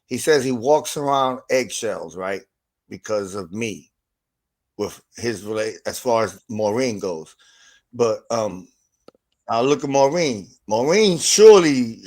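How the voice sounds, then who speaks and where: A man co-hosting a casual livestream, ranting in an animated, profane way. His voice sits at an ordinary middle pitch. He swings between loud bursts and quieter asides. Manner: animated, profane, laughing rants.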